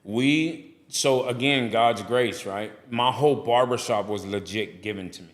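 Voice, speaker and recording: A man, animated, telling his story in a casual interview and acting out other voices. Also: mid-range voice, measured pace. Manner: animated, preachy storyteller who acts out dialogue. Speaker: barbershop owner and guest.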